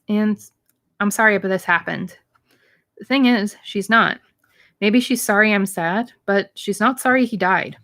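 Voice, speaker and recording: A woman's voice: mid-range voice, measured pace, fairly bright tone. A woman, a teacher, reading a novel aloud in plain narration, lightly voicing the dialogue, with occasional slips and restarts.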